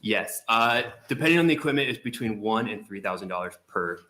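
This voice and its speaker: A state senator presents his bill in a low, bright, forceful voice. He reads from a prepared statement and stumbles on a word here and there. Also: animated, brisk. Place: legislative hearing room.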